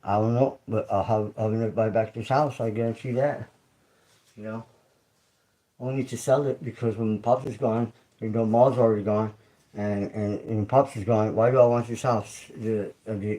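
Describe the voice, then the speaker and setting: In a rough recording, a man with a low, mellow voice hosts his own livestream. This YouTube creator delivers a loose, conversational monologue, repeating phrases and asking "you feel me?".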